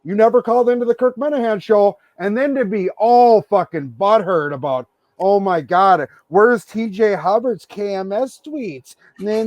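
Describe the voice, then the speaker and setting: A man rants on a podcast, swearing and exasperated, his voice pitched fairly high for a man. The sound is dry and close, with no room echo behind him. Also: warm tone, dull audio. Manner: profane, exasperated ranting. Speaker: podcast co-host. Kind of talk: casual podcast chat.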